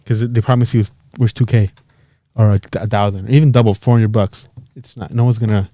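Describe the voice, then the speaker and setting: A man's voice: fairly low pitch, fast talker, no room sound. A young man from Los Angeles co-hosting a podcast, telling stories in casual, profane chat and acting out quotes. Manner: profane, animated storytelling with acted-out quotes. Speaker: podcast co-host.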